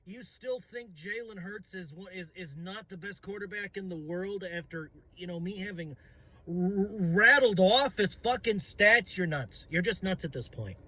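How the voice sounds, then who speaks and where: A young man ranting about football, excitable and profane, shouting and stumbling over his words. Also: sits high, unhurried. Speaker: sports fan vlogger. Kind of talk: ranting fan commentary.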